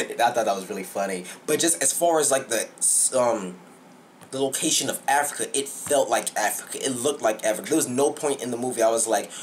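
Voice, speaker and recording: A man's voice: medium pitch, quick pace, a little hiss or hum. Young guy reviewing a film, hyped and rambling, circles back to the same points. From Southern United States. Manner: excited, rambling, repeats himself. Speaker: movie reviewer. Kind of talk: casual movie review.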